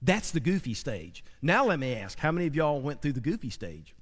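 A man preaching a sermon, animated and full of call-and-response asides to the congregation. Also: a little high, fairly quick. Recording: long hall reverb.

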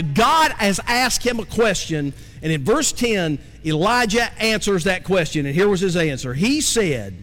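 A man's voice: sits high, big pitch swings, measured pace, a bit bright. A man preaching a sermon in a conversational style, often putting questions to his congregation. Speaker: pastor. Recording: long reverb from a large hall.

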